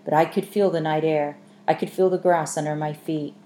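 A woman's voice: low-pitched, fairly even intonation, normal speed, warm tone, natural voice. A woman voicing a bewildered old woman, speaking in a wondering way. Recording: echoey room, faint hiss.

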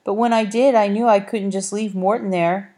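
A woman's voice: medium pitch, steady tone, mellow, pitched above the performer's own voice, close to an everyday voice. Olive, a woman playing a curious stubborn girl. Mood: eager, questioning. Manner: eager, questioning, quick to protest.

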